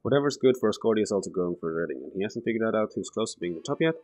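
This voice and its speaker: A man's voice: fairly low pitch, animated, racing, a little mellow, close to an everyday voice. A man voicing a weary, jaded woman who once ran a saloon, reading her game lines aloud. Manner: reads game dialogue aloud.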